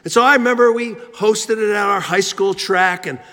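Self-mocking preacher in a reverberant hall. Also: male voice, high voice, normal speed, pushed and bright. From Philadelphia. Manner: self-deprecating, comic timing, frequent fillers and restarts. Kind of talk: humorous sermon storytelling.

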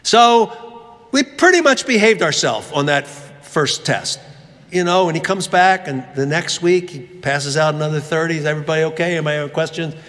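A man's voice: on the high side, expressive, measured pace, fairly bright tone. A man giving a sermon, telling a funny story and acting out the voices of the people in it. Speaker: preacher. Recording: long reverb of a large hall.

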